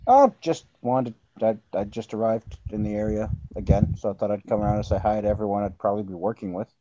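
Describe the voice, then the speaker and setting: A man's voice: on the low side, fast, dark tone, no echo. A man speaking in character as a player in a tabletop role-play, laid-back and wisecracking. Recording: dull lo-fi mic.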